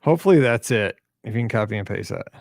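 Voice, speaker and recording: A tired man chats his way through the warm-up of a live podcast, greeting viewers by name and humming under his breath. His voice has a gravelly edge, and the close mic sound is dry with no room around it. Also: lowish voice, lively intonation, fast talker, no echo. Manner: chatty, upbeat, hums and mutters to himself. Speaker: podcast host. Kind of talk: casual pre-show chat greeting live viewers.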